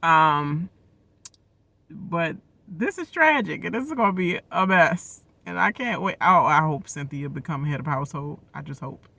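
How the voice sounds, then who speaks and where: A young man giving loud, animated, slangy commentary as a reality TV reaction vlogger. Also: a little high, gravelly, a little hiss or hum. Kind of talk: casual live reaction commentary.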